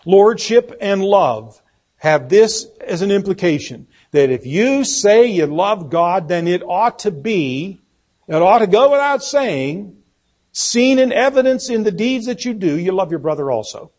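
Husky male preacher. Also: high voice, very animated, measured pace, a little mellow. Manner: reads scripture aloud, repeats key words for emphasis. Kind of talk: sermon.

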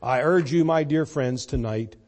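A man preaching a sermon, pressing key points hard and then dropping to a soft, hushed voice. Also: mid-range voice, measured pace. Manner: emphatic, swings from loud to soft.

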